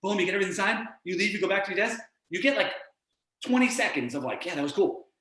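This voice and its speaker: A man with a fairly high voice delivers an energetic motivational coaching talk, slipping into other people's voices as he goes. He is heard over a video call from an echoey room. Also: fast talker, a little hiss or hum. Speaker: performance coach and guest.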